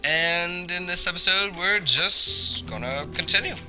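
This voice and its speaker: A man's voice: high voice, a little slow, bright, forceful tone, soft background music. A young man hosting a let's play, talking through the game and yelping and repeating himself when something startles him. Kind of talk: gameplay commentary.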